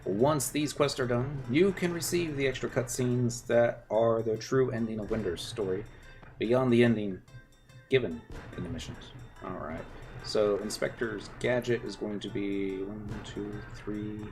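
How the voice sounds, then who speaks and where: A man's voice: on the low side, measured pace, darkish tone. A man streaming a game, talking casually through it in rambling, muttered asides. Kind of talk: casual gameplay commentary. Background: faint game music.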